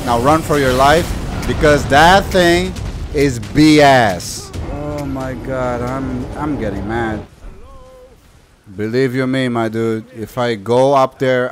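A man giving excitable let's play commentary, talking to enemies on screen and exclaiming over the game. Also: mid-range voice, takes it slowly. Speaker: gaming YouTuber. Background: game music.

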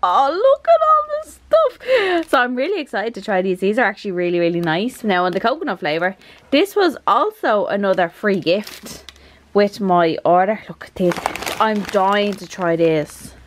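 A woman with an Irish accent vlogging an unboxing at home, rambling and gushing with excitement. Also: medium pitch, normal speed. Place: her apartment.

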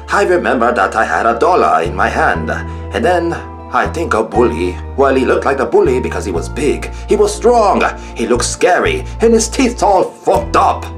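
Guy doing comedy skit narration, jumpy lively voice, making fun of himself, music behind. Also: mid-range voice, moderate pace. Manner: animated, exaggerated and self-mocking. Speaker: voice actor telling a comic story.

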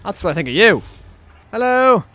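Excitable young man with a lively, slightly high voice. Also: normal speed. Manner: excitable, sarcastic asides to game characters; rambling with frequent restarts. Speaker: gaming channel host. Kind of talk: let's play commentary.

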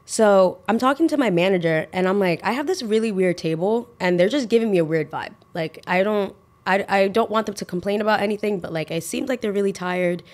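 A young woman hosting a podcast, telling a casual story full of "like" and restarts, sometimes rushing and sometimes drawing out her words. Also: medium pitch. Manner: animated, filler-heavy with lots of "like". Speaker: podcast host.

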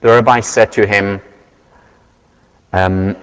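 A man giving a university lecture, earnest and measured, telling stories to make his point. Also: on the low side, steady tone, a bit bright, smooth. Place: large lecture hall. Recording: lecture hall with long reverb.

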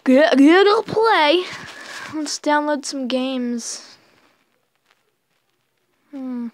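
Woman, high voice, very slow, giggly rambling commentary. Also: lively intonation. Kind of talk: casual commentary while watching videos.

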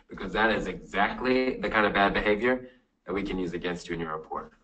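A man's voice: lowish voice, fairly quick, bright, forceful tone. An actor playing a sarcastic, condescending male police officer in a comedy sketch. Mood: mocking. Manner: mocking, condescending. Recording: roomy, distant video playback.

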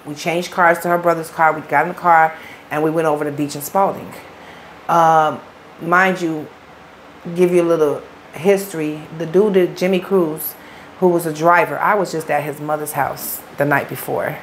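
A woman's voice: deep voice, fairly even intonation, normal speed, a little hiss or hum. Blunt, profane woman telling her story. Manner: blunt, profane street talk. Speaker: interview guest. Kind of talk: candid storytelling interview.

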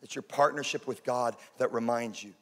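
A Texan man in his forties, a pastor preaching a sermon, telling stories and building to loud peaks. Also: medium pitch, moderate pace. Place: church auditorium. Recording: large room with long reverb.

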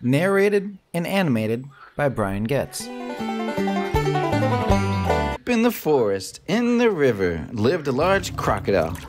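A man narrating a children's picture book aloud, lively and expressive, putting on voices for the animals. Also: medium pitch, slow pace, long pauses, soft background music. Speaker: storybook narrator.

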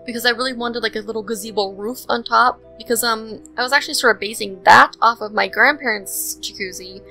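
A young woman narrates her game build in a loose, rambling way, full of ums and likes. Her voice sits a bit high and rings bright and clear. Soft music plays quietly underneath. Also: fairly quick, rough recording. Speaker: Sims speed-build commentator. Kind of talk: casual voice-over commentary.

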